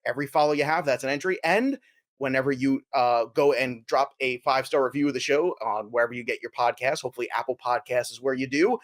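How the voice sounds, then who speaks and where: An energetic, jokey American man hosting a casual fantasy sports podcast. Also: mid-range voice, fast. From United States. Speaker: podcast host.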